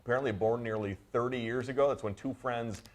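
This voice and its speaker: A man's voice: mid-range voice, steady tone, fast talker. A man co-hosting a casual morning show, easygoing and chuckling as he chats. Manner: easygoing, chuckling, reads a card aloud. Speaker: co-host.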